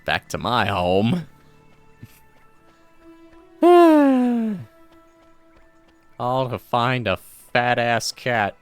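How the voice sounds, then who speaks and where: Male gamer, casual let's-play commentary, low-key, dry humor. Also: slow, hardly any pauses, fairly bright tone, clear, resonant tone, soft background music. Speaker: gamer playing through a story game. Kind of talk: casual gameplay commentary and reading dialogue.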